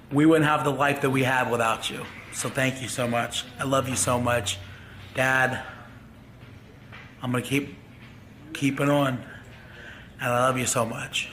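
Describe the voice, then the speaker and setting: A grieving man talking to his viewers in a halting, heartfelt farewell vlog. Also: medium pitch, level tone, sharp tone, a little hiss or hum. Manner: halting, grief-stricken. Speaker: vlogger.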